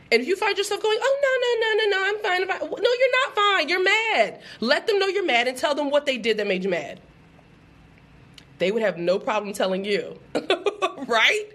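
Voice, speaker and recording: A woman with a high voice giving a live-stream pep talk. She speaks with emphatic, animated delivery and talks straight to her viewers, breaking into quick laughs.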